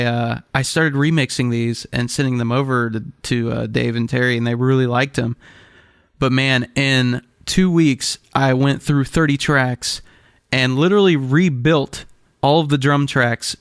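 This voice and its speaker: A man's voice: mid-range voice, creaky, a bit bright, smooth, dry recording. Laid-back man telling a studio story. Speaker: game music composer guest. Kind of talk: interview anecdote.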